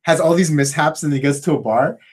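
A man co-hosting a podcast, chatting casually and retelling movie scenes with quick laughs. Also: fairly high pitch, slightly rough. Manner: animated storytelling, quick laughs. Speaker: podcast co-host. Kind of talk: casual chat.

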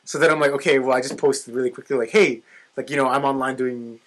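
A man's voice: medium pitch, fairly even intonation, fast, fairly bright tone, slight background noise. A young man in casual chat with friends, rambling and chatty with plenty of fillers. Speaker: podcast co-host talking about his streaming.

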